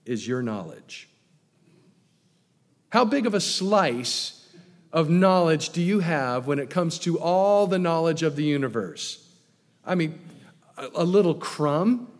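A man preaching a sermon, asking rhetorical questions and swinging between loud emphatic lines and hushed ones. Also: on the high side, big-room sound. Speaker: pastor.

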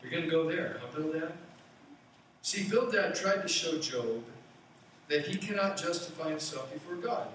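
Man, pastor, sermon, high-ish voice, conversational preaching, faint ambience, roomy echo. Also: moderate pace, fairly bright tone, distant mic, a little hiss or hum. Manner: conversational preaching with playful asides.

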